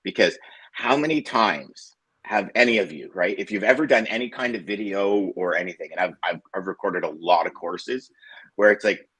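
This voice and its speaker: A man co-hosting a casual morning show over a video call, animated and laughing as he rambles through stories. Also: low-pitched, normal speed, husky, no echo. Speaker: co-host.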